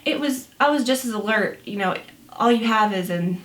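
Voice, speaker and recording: A woman's voice: a little high, expressive, moderate pace, fairly bright tone. A young woman, a new mother, telling a story in a chatty, casual way with lots of fillers and quoted asides. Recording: roomy echo.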